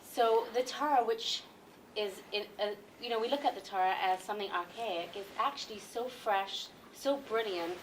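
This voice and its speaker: Against a noisy background, a woman of medium pitch delivers a religious lecture built around stories. Her manner is chatty and animated, with plenty of fillers and false starts.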